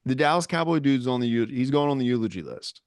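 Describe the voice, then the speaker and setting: A man's voice: medium pitch, animated, fast talker, dry recording, clean studio sound. A man co-hosting a podcast, telling rambling, self-mocking stories in casual chat. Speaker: podcast co-host.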